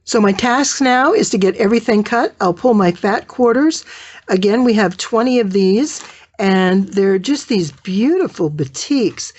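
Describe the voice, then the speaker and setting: A woman's voice: mid-range voice, lively intonation, unhurried, a little mellow. A woman teaching quilting in a casual tutorial, chatting and thinking aloud as she sorts fabric.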